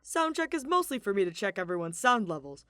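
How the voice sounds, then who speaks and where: A woman voicing a cheerful, hearty male stage manager, loud and upbeat, in a storybook reading. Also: mid-range voice, big pitch swings, brisk, dry recording, studio quality.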